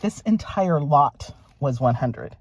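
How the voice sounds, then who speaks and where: Excitable woman, lively pitch. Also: slow pace, slightly rough, dry recording. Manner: gushing, excitable, talks straight to viewers. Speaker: vlogger. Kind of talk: casual unboxing chat. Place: at a private mailbox.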